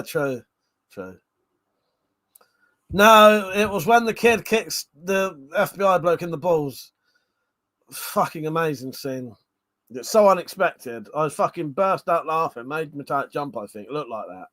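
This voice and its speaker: A man's voice: on the high side, expressive, measured pace, fairly bright tone. A man hosting a casual livestream chat. He swears a lot and laughs often. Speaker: livestream host.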